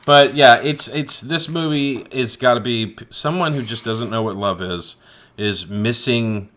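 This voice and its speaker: A man's voice: medium pitch, a little slow, a bit bright. A man co-hosting a casual movie review chat who rambles, restarts and swears freely. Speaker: co-host.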